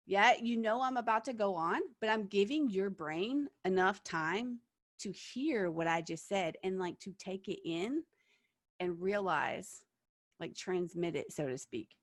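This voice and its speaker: A woman teaching an online acting workshop, lively and animated, checking in with her listeners by asking "okay?" and "yeah?". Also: mid-range voice, a little slow, no echo.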